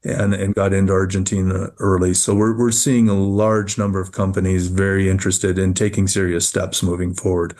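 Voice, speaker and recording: A man, a mining company executive, answering interview questions in a measured way, often repeating words as he thinks. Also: low-pitched, little pitch movement, darkish tone.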